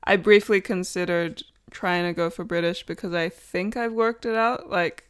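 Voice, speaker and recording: Giggly rambling woman, smooth voice. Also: lowish voice, fairly even intonation, moderate pace. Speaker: podcast co-host. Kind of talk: casual chat.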